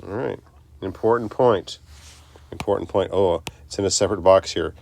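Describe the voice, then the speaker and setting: A man's voice: deep voice, fairly even intonation, fast talker, gravelly, darkish tone, a little hiss or hum. A man teaching a recorded math lesson, chatty and self-interrupting, talking students through each step.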